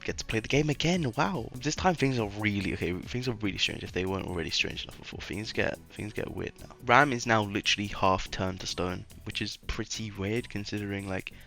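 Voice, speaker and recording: Man, low voice, sarcastic rambling game commentary, mumbles, faint background music. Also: fairly quick, creaky, hardly any pauses, pushed and bright. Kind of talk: casual game commentary voice-over.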